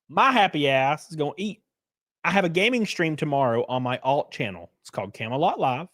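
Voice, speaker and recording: A man's voice: fairly high pitch, lively intonation, a little fast, no echo, studio quality. A young man chatting casually on a live stream, reading chat aloud with loose, jokey slang.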